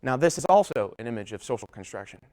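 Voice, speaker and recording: A young man giving a public talk, telling a personal story, whose voice trails off low at the ends of his sentences. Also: animated, fast talker, a little mellow. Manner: storytelling with shifting volume, drops low at line ends. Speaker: public speaker.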